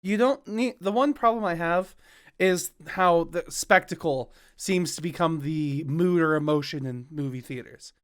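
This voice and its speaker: Joking podcast co-host, man, bright tense voice, a bit high. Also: a little slow. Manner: joking, laughs often. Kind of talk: casual chat. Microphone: remote call over voice chat.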